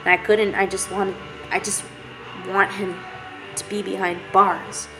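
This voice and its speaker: A woman telling a painful personal story to camera in a halting, candid way, with many fillers and restarts. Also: mid-range voice, level tone. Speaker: vlogger. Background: music playing.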